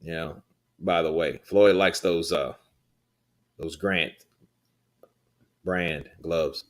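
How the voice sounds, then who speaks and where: A man hosts a live boxing stream, talking casually to his viewers. His voice sits very low and deep. He rambles, swears freely and answers the chat between thoughts. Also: takes it slowly. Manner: loose, rambling, swears, laughs often. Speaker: livestream host reading chat.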